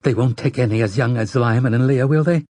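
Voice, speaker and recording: A man with a husky voice voicing a frantic middle-aged farm mother in an audiobook, talking in a pleading, sharp rustic dialect. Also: medium pitch, brisk, dry recording, natural voice. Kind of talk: audiobook character voice.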